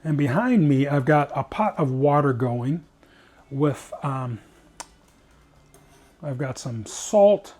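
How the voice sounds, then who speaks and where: A man's voice: medium pitch, lively intonation, takes it slowly, long pauses, a little mellow. A man hosting a cooking show, chatting in an upbeat way with rambling asides as he cooks. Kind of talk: casual cooking demonstration.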